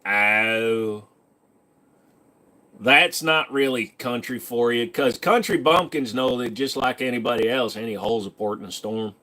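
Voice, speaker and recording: A young man chatting casually on a live stream, reading viewers' questions and answering in loose, joking asides. His voice sits at an ordinary middle pitch for a man, and he wanders from one topic to the next. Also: measured pace, pushed and bright. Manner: rambling, joking, reads chat questions aloud.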